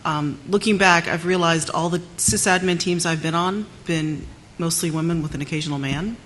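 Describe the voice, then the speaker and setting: A woman systems administrator answering on a conference panel in a wry, unhurried way. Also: on the low side, fairly bright tone, a little hiss or hum.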